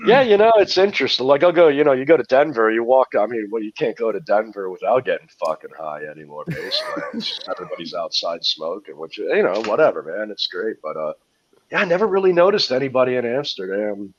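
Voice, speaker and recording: A man's voice: medium pitch, wildly swooping pitch, fast, noisy background. Rambling, profane man on a muffled mic. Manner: profane, rambling, laughing often. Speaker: guest touring musician. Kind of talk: casual podcast storytelling.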